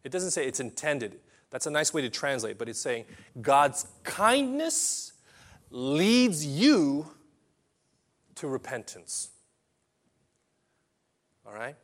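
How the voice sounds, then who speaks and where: A man preaching a sermon in an impassioned way, swinging between hushed and loud passages and often repeating or restarting phrases. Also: fairly high pitch, big pitch swings, takes it slowly, long pauses.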